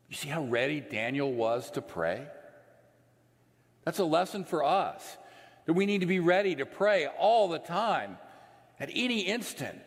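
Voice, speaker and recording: A man preaching a sermon, slow and earnest, letting his voice sink low and soft at the ends of phrases. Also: lively intonation. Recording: long reverb of a large hall.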